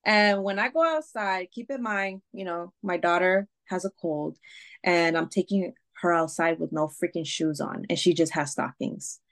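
A woman's voice: lowish voice, normal speed, fairly bright tone. A woman guest on a podcast, telling a personal story candidly, with swearing, fillers and restarts. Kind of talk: casual storytelling.

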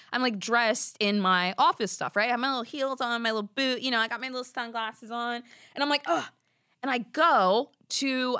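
A woman's voice: mid-range voice, pushed and bright, no room sound, studio quality. A young adult woman, hosting a podcast and telling a story in a chatty, exasperated way full of "like"s. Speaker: podcast host. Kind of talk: casual storytelling.

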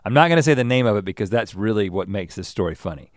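A man co-hosting a casual chat, telling an anecdote in an animated way and laughing often. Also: fairly low pitch, quick pace, dry recording, clean studio sound. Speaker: podcast co-host.

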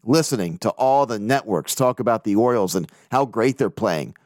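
A man hosting a casual sports podcast alone, excitable and swearing freely as he recounts games and reads out listener emails. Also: fairly low pitch, moderate pace, no echo, clean studio sound. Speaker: podcast host.

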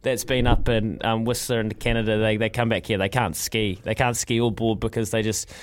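A man's voice: fairly low pitch, level tone, fairly quick, clear, resonant tone. Male NZ breakfast host, casual and rambling, keen, plenty of false starts. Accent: New Zealand. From New Zealand. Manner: rambling, enthusiastic, many restarts. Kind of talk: casual radio chat.

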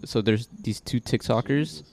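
A man's voice: medium pitch, moderate pace, vocal fry, darkish tone. A man co-hosting a podcast, rambling in casual chat and often hunting for the right word. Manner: rambling, searches for words. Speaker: podcast co-host.

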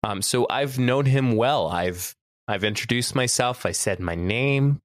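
A man chatting casually on a podcast, telling a story with lively acted-out quotes. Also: mid-range voice, a little slow, no room sound, clean studio sound. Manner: animated, acts out quoted voices. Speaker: podcast co-host, campus photographer.

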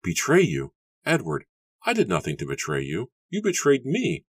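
A man's voice: on the low side, huge pitch swings, normal speed, husky, no echo, clean studio sound, pitched above the performer's own voice, exaggerated voice. A man voicing a frightened young woman accused of witchcraft, speaking in an eager, pleading whisper.

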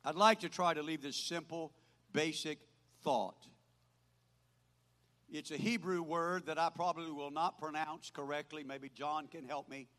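An older man preaching a sermon as pastor, swinging from loud proclaiming to quiet asides. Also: on the high side, measured pace. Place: church. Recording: hall reverb.

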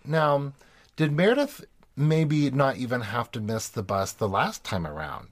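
A man's voice: mid-range voice, animated, unhurried. Man steadily recapping an episode. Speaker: podcast host. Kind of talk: casual recap chat.

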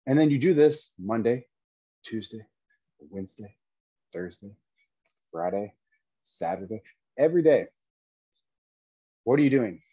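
A man's voice: fairly low pitch, lively intonation, unhurried, long pauses, warm tone, husky, no echo, highs cut off. Indignant man ranting at his screen. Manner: indignant, lecturing, rhetorical questions. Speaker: commentator. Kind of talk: opinionated commentary video.

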